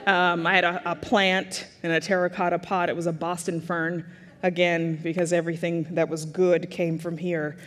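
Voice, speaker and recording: A woman in her thirties tells funny, self-mocking personal stories at a forum, her delivery animated and sharply timed. Her voice sits at an ordinary middle pitch. A long reverb from the large room trails after each line. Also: moderate pace. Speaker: keynote speaker. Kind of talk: humorous personal storytelling speech.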